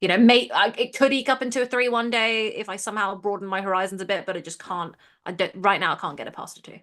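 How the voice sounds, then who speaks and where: A woman co-host talks through an episode rating in loose, rambling chat, breaking off and starting her sentences over. Her voice is bright and forward, with easy laughter running through it. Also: mid-range voice, steady tone, fast talker. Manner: chatty, giggly, restarts often. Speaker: podcast co-host. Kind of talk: casual rewatch chat.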